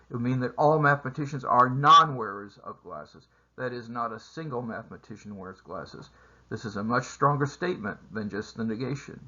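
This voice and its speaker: A man teaching a math lesson over slides, explaining steps in a measured way with frequent filler sounds. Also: medium pitch, sharp tone, dull audio. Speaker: math instructor. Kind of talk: recorded lecture over slides.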